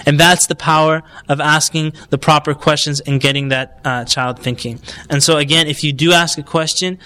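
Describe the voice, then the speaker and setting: A man's voice: on the high side, steady tone, moderate pace, pushed and bright, smooth. A man giving a recorded Islamic lecture on parenting, talking conversationally and putting questions to his audience.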